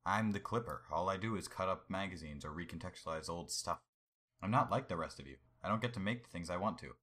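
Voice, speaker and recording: A worn-out collage artist grumbles about his lot, read by a man in a low voice with a bright, forceful edge. The delivery stays plain and resigned. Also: fast. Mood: fed up. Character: weary male collage artist, fed up.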